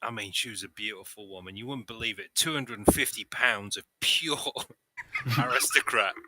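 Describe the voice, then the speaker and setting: A man's voice: lowish voice, normal speed, sharp tone, slight background noise, poor audio. A man voicing a burly male bouncer in a tabletop game, telling his story boastfully. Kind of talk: tabletop role-play.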